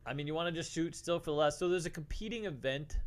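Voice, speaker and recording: A man's voice: a little high, fast talker. A middle-aged man telling casual stories as a co-host on a livestream, swearing and saying "dude" a lot. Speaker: podcast co-host.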